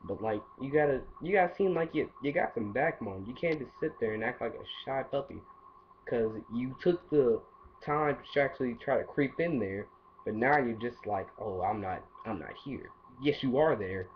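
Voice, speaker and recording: A man's voice: mid-range voice, expressive, normal speed. A man giving casual dating advice in a rambling, playful monologue full of asides. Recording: dull lo-fi audio with faint hiss.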